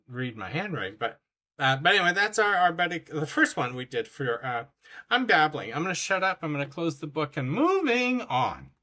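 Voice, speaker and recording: A man's voice: mid-range voice, sharp tone. A man hosting a coloring channel, chatting in a rambling, effusive way about his finished pages. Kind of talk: casual chat showing finished coloring pages.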